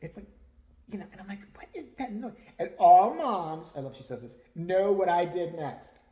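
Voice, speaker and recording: A man's voice: high voice, lively intonation, normal speed, mellow. A male vlogger ranting crudely, mocking and laughing often as he talks. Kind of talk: profane rant commentary.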